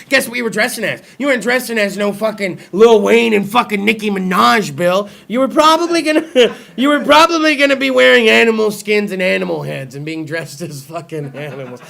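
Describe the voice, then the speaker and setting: A man's voice: extremely high pitch, gravelly, pushed and bright. A young adult man hosting a talk show, running a crude, profane comedy monologue and teasing his co-host.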